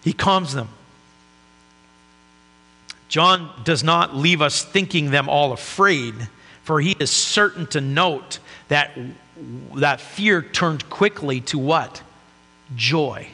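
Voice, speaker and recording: Pastor guy preaching, kinda high bright voice, big echoey hall, lil hum behind. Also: slow pace, long pauses. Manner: earnest, conversational preaching. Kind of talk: sermon.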